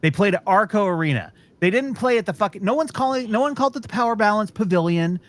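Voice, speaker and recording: A man's voice: high voice, expressive, fast talker. A man hosting a podcast, ranting in a profane, exasperated way during casual chat. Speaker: podcast host.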